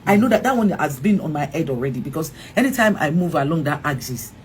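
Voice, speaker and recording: A woman's voice: sits low, quick pace, a little hiss or hum. A middle-aged Nigerian woman, an actress, telling an emotional story in an interview, acting out what others said and restarting often. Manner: animated, acts out quoted dialogue, frequent restarts.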